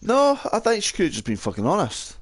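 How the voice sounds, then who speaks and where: Laid-back Scottish lad, lively pitch. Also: male voice, fast, slightly rough, no room sound. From Scotland. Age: young adult. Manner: sweary, laid-back, yawning. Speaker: podcast co-host. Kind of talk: casual chat. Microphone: headset microphone.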